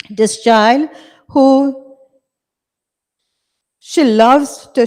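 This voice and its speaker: A woman gently telling a moral story at a religious gathering, with small restarts, in a reverberant hall. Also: mid-range voice. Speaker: storyteller at a women's group satsang.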